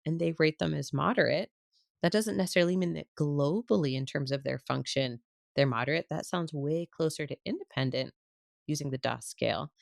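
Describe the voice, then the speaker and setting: Low-pitched gravelly woman podcaster. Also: dry recording, studio quality. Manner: playful, explains clinical terms plainly. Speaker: podcast co-host, speech-language pathologist. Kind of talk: casual podcast chat.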